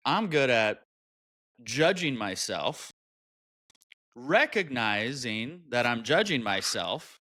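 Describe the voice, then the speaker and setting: A man speaking as an interview guest, candid and animated, often jumping high in pitch when he acts out what he or others said. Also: takes it slowly, pauses often, dry recording. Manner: animated, expressive, jumps into high pitch for quoted voices. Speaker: guest, mental health advocate.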